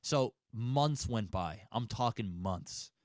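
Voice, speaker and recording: A man co-hosting a casual podcast, telling a long story in a profane, animated way and acting out his own reactions. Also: on the low side, takes it slowly, no room sound, studio quality. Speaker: podcast co-host.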